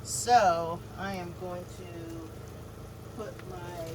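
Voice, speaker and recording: A woman's voice: fairly low pitch, fairly even intonation, drawn-out words, heavy background noise. A woman chatting casually through an off-grid cooking vlog, describing her food and talking to her pets. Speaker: vlogger. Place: living off grid, in or by a vehicle.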